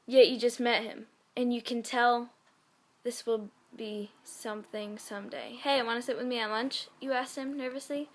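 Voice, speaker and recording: A woman reading fan fiction aloud in a casual way, often breaking off to giggle and comment on the text. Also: on the high side. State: sick.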